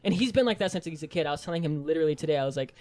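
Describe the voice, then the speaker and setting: A young man co-hosting a podcast, telling family stories in a loose, swearing, animated way. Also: on the high side. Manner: fast, swearing, animated storytelling. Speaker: podcast co-host. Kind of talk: casual chat.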